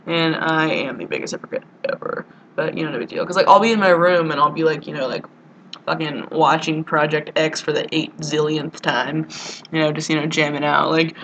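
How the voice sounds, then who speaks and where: A woman's voice: low voice, fairly even intonation, fairly quick, a bit bright, highs cut off. Young woman, casual vlogger, crude rambling self-mockery, slight background hiss. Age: young adult. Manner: rambling, crude and self-mocking, full of "like" and "you know". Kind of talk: casual vlog monologue. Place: college dorm room.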